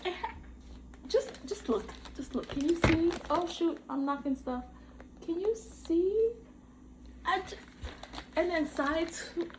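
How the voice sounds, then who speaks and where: Woman unboxing at her desk, slow and gushy, kinda high voice, noisy mic. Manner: excitable, gushing, exclaims often. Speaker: podcast host doing an unboxing. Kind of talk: casual unboxing chat to camera. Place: bedroom workstation at home.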